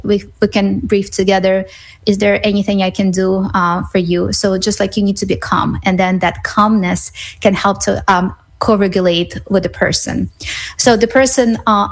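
A woman's voice: medium pitch, low-quality recording. A woman guest expert on a radio talk show, explaining things patiently with many "um"s and "right?"s. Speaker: psychologist guest.

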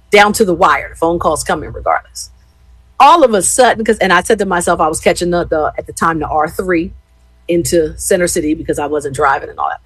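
A woman in her fifties from Philadelphia tells stories to her live-stream viewers in a lively, expressive way. Her voice is husky and sits fairly low. The sound is dry and close, with no room echo. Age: 50s. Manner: animated, expressive storyteller. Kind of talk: casual chat with viewers.

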